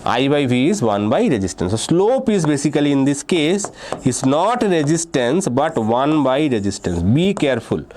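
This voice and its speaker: A man's voice: medium pitch, big pitch swings, normal speed, darkish tone, a little hiss or hum. A man teaching physics for an entrance exam. He works through problems step by step and keeps checking in with "okay" and "right?". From India. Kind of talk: exam-prep lecture.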